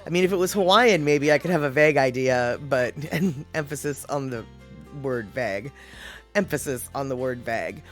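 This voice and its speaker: A woman's voice: very deep voice, moderate pace, soft background music. Rambling, chatty woman livestreamer. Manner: rambling, chatty, greets chat viewers. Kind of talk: casual livestream chat.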